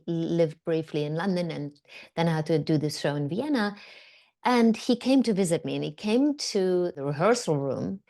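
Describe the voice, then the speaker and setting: Lively, storytelling woman actor, lower pitched. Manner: animated, acts out quotes, many fillers. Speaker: guest actor. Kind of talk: conversational storytelling.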